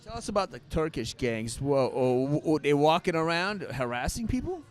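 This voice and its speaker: A male co-host asking halting questions with many restarts, interviewing a guest. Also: fairly high pitch, very animated, soft background music. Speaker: podcast co-host.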